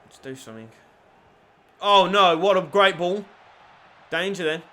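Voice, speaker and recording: Young gaming host, high sharp voice, shouts goals and curses at the ref. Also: male voice, unhurried. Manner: excitable, shouts at goals, swears at the referee. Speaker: gaming YouTuber. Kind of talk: commentating his own football game.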